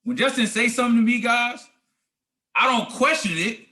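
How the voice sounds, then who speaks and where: A man's voice: extremely high pitch, normal speed, bright, forceful tone. A man giving a motivational talk on a group call as a team leader, emphatic and preachy, talking slangy and calling listeners guys and family.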